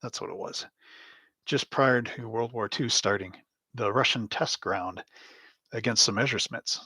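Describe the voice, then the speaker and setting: A man's voice: fairly low pitch, a little slow, pushed and bright, slightly rough, dry recording. A man hosting a live stream from his home hobby room, chatting in a rambling, anecdotal way with frequent chuckles. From Canada. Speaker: host. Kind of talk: casual live stream chat.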